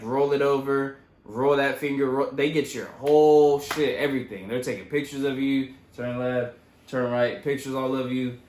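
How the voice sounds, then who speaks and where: A young man casually retelling his own story in a loose, profane, animated way. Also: a little high, roomy sound. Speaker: vlogger.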